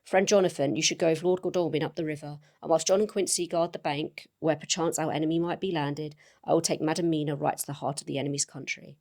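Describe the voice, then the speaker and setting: A woman reading aloud the lines of an elderly male professor, calm and wise, in a gamebook, with earnest, measured delivery of formal old-fashioned speech. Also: low-pitched. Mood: solemn.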